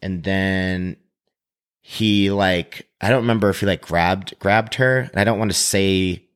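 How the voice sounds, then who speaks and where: A man with a fairly low voice tells a story in a relaxed chat. He talks animatedly and swears freely, slipping into the voices of the people he describes. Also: unhurried, clear, resonant tone. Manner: animated, profane, acts out quotes.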